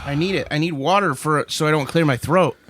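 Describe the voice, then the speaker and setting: A man's voice: a little high, a bit bright, a little hiss or hum. A man co-hosting a podcast, chatting in a laid-back, easygoing way. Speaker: podcast co-host. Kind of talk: casual chat.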